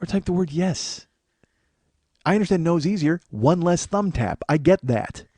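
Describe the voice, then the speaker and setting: A man's voice: a little high, animated, normal speed, warm tone, dry recording. An American man in his forties hosting a comedy podcast, rambling through a profane, self-mocking solo monologue. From United States. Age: 40s. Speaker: podcast host.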